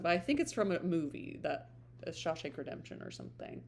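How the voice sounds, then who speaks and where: Speaking a bit quickly in a lowish, darker-toned voice, this book vlogger has a casual, reflective chat. She thinks out loud and gropes for her words.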